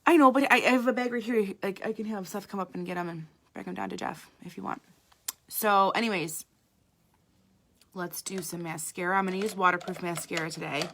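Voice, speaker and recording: A woman's voice: mid-range voice, brisk, fairly bright tone. A woman makeup artist giving a chatty live makeup tutorial, talking straight to her viewers.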